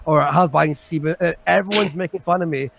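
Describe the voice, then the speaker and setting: Male stream host, gravelly edge, slightly high; animated, profane storyteller. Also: a little fast. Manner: animated, swearing storyteller who swings from loud to mumbled. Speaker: show host. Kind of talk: casual livestream chat.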